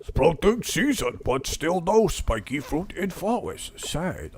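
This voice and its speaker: Mystical game giant, broken speech, slow and gravelly, slightly high. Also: male voice, very animated, soft background music. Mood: solemn. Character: gentle mystical giant speaking broken English.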